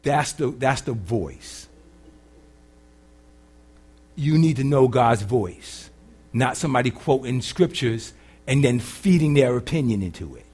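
A man preaching as a pastor, swinging from loud emphatic lines to quiet, casual, humorous asides. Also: mid-range voice, lively intonation, unhurried, pauses often, breathy edge. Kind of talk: sermon.

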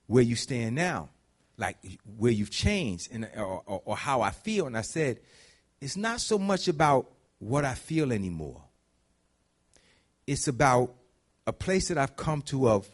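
A man preaching a conversational sermon, dropping to low murmurs and climbing to high shouts. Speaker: pastor.

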